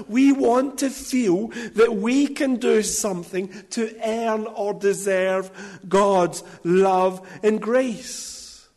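A man with a high voice delivers a sermon at an unhurried pace. He stresses his points with care and breaks off now and then to poke fun at himself. His voice rings out with a long reverb, as in a large hall. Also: a little mellow. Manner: deliberate, emphatic delivery with light self-deprecating asides. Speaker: preacher.

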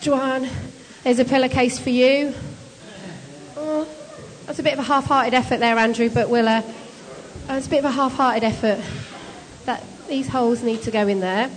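A woman leading a group through a timed bed-making task, brisk, encouraging and teasing as she hands out jobs. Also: high-pitched, steady tone, long reverb tail. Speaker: shelter volunteer leader running a bed-making activity. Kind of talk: casual instructions to a group.

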